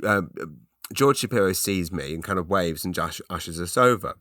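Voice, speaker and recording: A man's voice: low voice, normal speed, fairly bright tone, no echo, clean studio sound. A man with an English accent hosting a podcast, telling a rambling comic story full of restarts and put-on voices. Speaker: podcast host. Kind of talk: solo comedic ramble.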